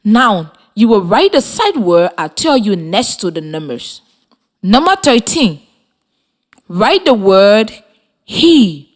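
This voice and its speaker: A woman, giving a scripted radio lesson for children in slow, deliberate, encouraging instructions. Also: medium pitch, big pitch swings. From Liberia. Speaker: radio teacher.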